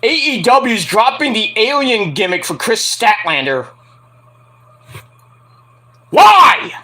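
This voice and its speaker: A man hosting a casual podcast, rambling and joking while he watches a game, with loud outbursts. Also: high voice, big pitch swings, measured pace. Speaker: podcast host.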